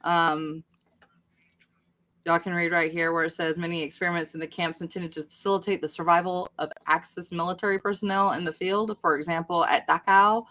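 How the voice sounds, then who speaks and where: A woman co-hosting a casual live stream, chatting and reading aloud, quick to exclaim. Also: on the low side, fairly even intonation, sharp tone. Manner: chatty, reacts with laughs and exclamations. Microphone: video call.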